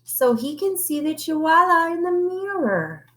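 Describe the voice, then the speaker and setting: Storybook role: woman doing teasing, high kitten sisters. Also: big pitch swings, unhurried, fairly bright tone, echoey room, full character voice.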